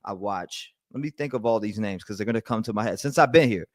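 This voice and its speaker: A man's voice: lowish voice, fast, no echo. A man hosting a live stream, ranting with heated, profane, rambling talk full of restarts and answering chat. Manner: reads and answers chat messages.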